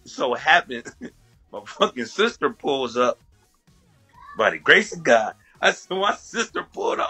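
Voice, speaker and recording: A man's voice: medium pitch, sing-song, moderate pace, sharp tone, breathy edge, soft background music. A man from the USA telling a story as a guest, casual and profane, often laughing between lines.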